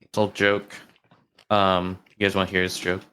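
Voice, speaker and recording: A man with a bright, somewhat low voice tells jokes on a casual podcast. He swears freely and slips into the characters' lines as he goes. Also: completely flat delivery, moderate pace, a little hiss or hum. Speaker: podcast co-host. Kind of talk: casual chat, telling jokes.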